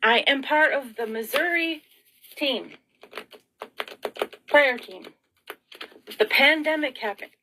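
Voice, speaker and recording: A woman's voice: high voice, animated, takes it slowly, long pauses, background noise. A middle-aged woman vlogging in an emotional, rambling monologue, frazzled and tearful, sighing and asking rhetorical questions.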